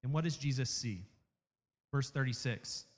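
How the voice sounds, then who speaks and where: Earnest preacher in an echoing hall. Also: male voice, mid-range voice. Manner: earnest, emphatic repetition with dramatic pauses. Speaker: campus minister preaching. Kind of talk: sermon. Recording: reverberant hall.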